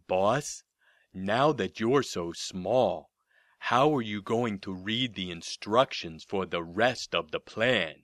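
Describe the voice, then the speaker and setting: A man voicing a dim-witted henchman who talks slow and dopey. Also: on the low side, fairly bright tone, no echo, clean studio sound.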